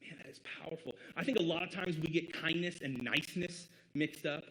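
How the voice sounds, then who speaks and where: Brisk, bright and forceful, a fairly high-pitched man from the US Midwest delivers a sermon as pastor, earnest and conversational with short laughs between points. The recording is low quality.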